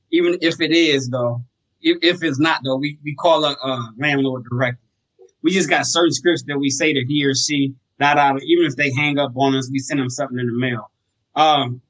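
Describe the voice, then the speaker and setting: A man with a slightly high voice talks about running sober homes in relaxed, slangy podcast chat. He keeps returning to short stories and acts out the lines of other people. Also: poor audio. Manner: relaxed, slangy, tells stories with acted quotes. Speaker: guest, sober home operator. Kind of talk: casual podcast talk.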